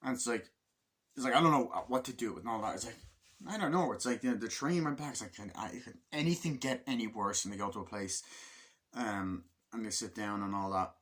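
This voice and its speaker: A man giving a casual, rambling movie review, acting out scenes in quick voice switches and swearing freely. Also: on the low side, fairly bright tone. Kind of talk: casual spoken film review.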